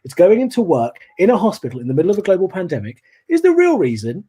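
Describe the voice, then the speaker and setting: A man doing a stand-up comedy set over a video call, animated and telling stories with acted-out voices. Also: sits high, fast talker, husky.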